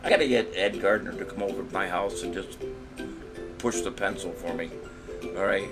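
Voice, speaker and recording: A man hosting a casual trivia show, cracking corny jokes, rambling between questions and reading each question out slowly. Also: sits low, over music. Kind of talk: casual live-stream quiz hosting.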